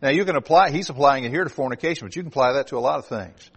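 A man's voice: medium pitch, rapid-fire, a bit bright, husky. Male preacher, emphatic sermon delivery with direct questions to the pews. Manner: emphatic, rising and dropping for emphasis; asks the congregation direct questions.

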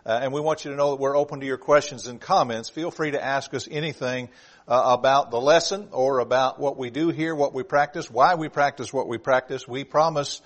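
A middle-aged man with a medium-pitched voice preaches a sermon a little fast. He opens with a calm welcome, then shifts into loud, emphatic preaching, often repeating words as he restarts.

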